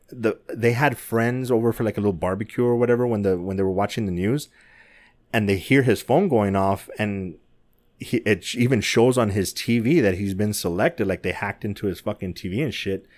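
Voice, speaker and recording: A man's voice: lowish voice, a little mellow. Emotional swearing man gushing about a movie. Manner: emotional, heavy swearing, stumbling restarts. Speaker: parent reviewing a movie. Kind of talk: casual movie talk.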